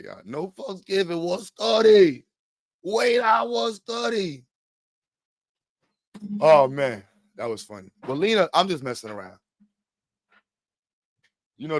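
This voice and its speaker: A man's voice: mid-range voice, animated, a little fast, no echo, clean studio sound. A man talking in a casual, teasing, slangy way, often breaking into laughs as he mocks and riffs. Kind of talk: casual trash-talking banter.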